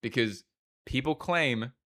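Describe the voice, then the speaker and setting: This Australian man, a livestreamer, chats casually in a mid-range, slightly bright voice. His stream talk rambles along, full of free swearing and quick asides.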